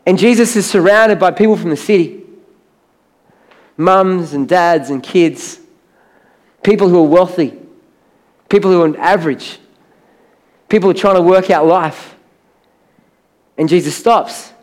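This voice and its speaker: A high-pitched man preaches from a church stage. He tells Bible stories with animation and acts out the voices of the characters. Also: measured pace, pauses often. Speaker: pastor. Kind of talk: sermon.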